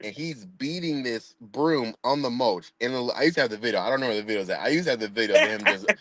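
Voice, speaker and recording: A man's voice: medium pitch, lively intonation, fast talker, fairly bright tone. A young man telling a funny family story in a laid-back, rambling way, with chuckles. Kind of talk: casual storytelling.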